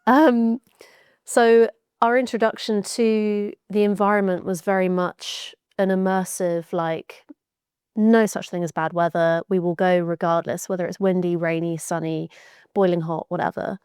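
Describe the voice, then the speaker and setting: A woman's voice: on the low side, fairly even intonation, unhurried, darkish tone, clear, resonant tone, dry recording, studio quality. A young woman, an author and science communicator, telling her story in a chatty, reflective way as a podcast guest. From Devon, England (born in Georgia, USA). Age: young adult. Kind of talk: podcast interview.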